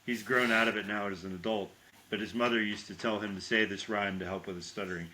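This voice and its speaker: Bright-voiced man recapping a horror film. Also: lowish voice. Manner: animated storytelling, quick asides seeking agreement. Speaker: podcast co-host.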